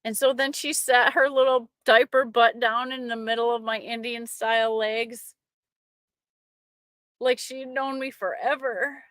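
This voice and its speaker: A middle-aged woman sharing a personal faith testimony with an online audience, emotional and halting, often restarting her sentences. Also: on the high side, steady tone, a bit bright, no room sound, studio quality.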